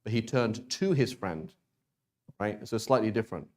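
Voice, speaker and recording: A man's voice: lowish voice, expressive, normal speed, darkish tone. A man teaching a beginners' Arabic class, explaining casually with frequent restarts and "right?" checks. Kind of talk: classroom lesson.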